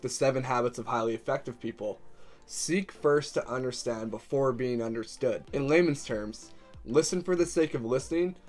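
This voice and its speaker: Upbeat young man hosting a self-help video. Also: mid-range voice. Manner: upbeat, with joking asides. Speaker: video host. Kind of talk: scripted self-help talk. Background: faint background music.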